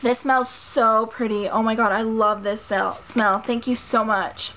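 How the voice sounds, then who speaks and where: A woman's voice: a little high, fairly even intonation, measured pace, fairly bright tone, a little hiss or hum. A woman vlogger chatting casually and gushing as she unboxes a package of makeup, a little out of breath. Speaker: beauty vlogger. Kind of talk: casual haul unboxing chat.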